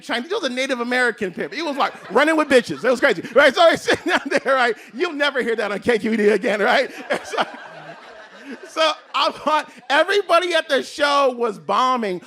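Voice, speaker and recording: A male comedian telling a story on a live stage. He is animated, laughs often, and keeps asking "right?" and "you know what I'm saying?". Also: extremely high pitch. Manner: animated, laughing, tag questions.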